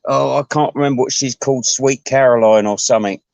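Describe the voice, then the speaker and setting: A man rambles through a crude comic rant, stumbling into restarts and sudden asides. His voice sits at an ordinary middle pitch. The sound is dry and close, with no room around it. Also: fairly even intonation, fairly quick, creaky, a little mellow, no echo.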